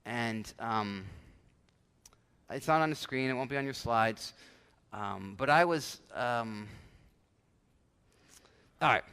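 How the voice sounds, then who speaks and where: Candid pastor preaching in a reverberant hall. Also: male voice, mid-range voice, takes it slowly, pauses often, bright, forceful tone, smooth. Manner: conversational, candid, with many restarts and acted asides. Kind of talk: sermon. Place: church sanctuary. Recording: church hall with long reverb.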